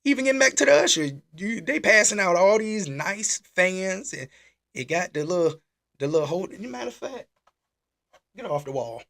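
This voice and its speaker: A man hosting a casual church-style live talk. He is animated and exclaiming, and he repeats his questions. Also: sits high, normal speed, vocal fry. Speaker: host. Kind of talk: casual preaching live stream.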